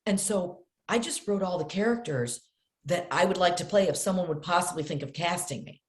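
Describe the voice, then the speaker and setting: A middle-aged woman tells stories in a casual interview, bouncing into the voices of the people she describes. Her voice sits a little low for a woman and carries a noticeable room echo around it. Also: brisk. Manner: animated, acts out family voices in her stories. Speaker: guest.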